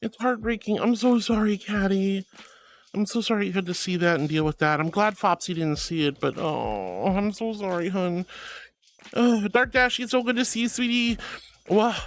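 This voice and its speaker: A man's voice: high-pitched, animated, normal speed. A man hosting a casual livestream and reading his chat aloud, chatty and apologetic, affectionately calling his viewers sweetie and honey. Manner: chatty and apologetic, self-described yapper.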